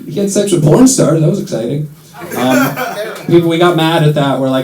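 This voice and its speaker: An American man doing stand-up in a London comedy club, telling sarcastic jokes in a dry, deadpan way and slipping into quick put-on voices. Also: on the high side. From United States. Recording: roomy club sound with loud audience laughter.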